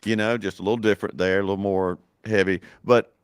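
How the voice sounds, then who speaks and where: A man's voice: fairly low pitch, steady tone, fast, clear, resonant tone, no echo, clean studio sound. A man talking in a casual podcast chat, enthusiastic, often repeating himself and filling with "like" and "you know". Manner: enthusiastic, repeats words, many likes and you knows.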